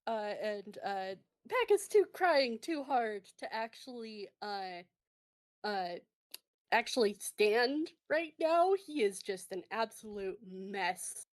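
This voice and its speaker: A woman runs a tabletop game as game master, narrating in a rambling way full of fillers. Her pace is slow and her pitch sits in an ordinary middle range. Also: lively intonation. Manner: rambling, filler-heavy, laughing.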